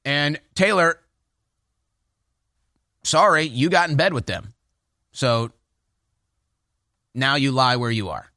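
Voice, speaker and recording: A man's voice: on the high side, pushed and bright, dry recording, clean studio sound. A man hosting a political talk show, delivering opinionated commentary with a mocking, sarcastic edge.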